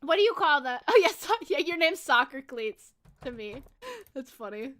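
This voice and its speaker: Brief: giggly American female streamer, young adult, high and bright, casual chat with viewers. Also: big pitch swings, moderate pace. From United States. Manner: bubbly and giggly, chatting with viewers. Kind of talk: casual live-stream chat while gaming.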